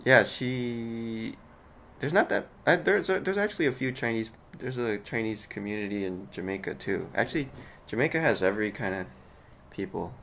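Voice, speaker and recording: A man's voice: medium pitch, animated, moderate pace, creaky, a bit bright, slight background noise. A man from Miami hosting a casual livestream chat, easygoing, reading viewer questions aloud.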